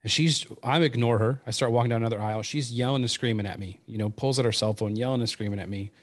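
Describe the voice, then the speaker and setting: A man from the United States, a guest chef, telling a story in a lively casual way and repeating words as he goes. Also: mid-range voice, quick pace, no room sound, studio quality.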